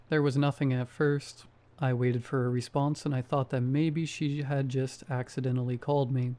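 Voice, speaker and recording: A man reading a first-person horror story aloud in a steady storytelling manner. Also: mid-range voice, normal speed. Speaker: story narrator. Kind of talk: scripted horror narration.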